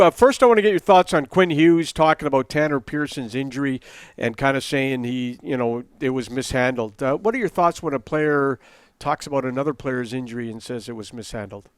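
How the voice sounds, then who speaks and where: A man's voice: medium pitch, a little fast, clean tone, dry recording. Guy hosting sports radio, clean resonant voice, dry close mic. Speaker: radio host.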